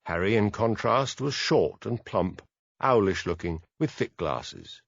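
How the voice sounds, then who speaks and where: Man narrating an audiobook, lively pitch. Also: a little slow, gravelly, dry recording, muffled recording. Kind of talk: scripted narration.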